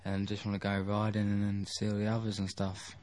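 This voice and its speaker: A man's voice: on the low side, monotone, brisk, a little mellow. A man co-hosting a podcast in a studio, giving brief, laid-back replies in casual chat. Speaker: co-host. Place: radio studio.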